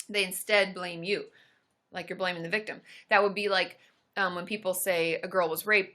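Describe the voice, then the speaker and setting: A woman therapist hosts a casual live stream, chatting upbeat and answering viewer questions with lots of quick asides. Her voice is lowish, with a bright, forceful tone.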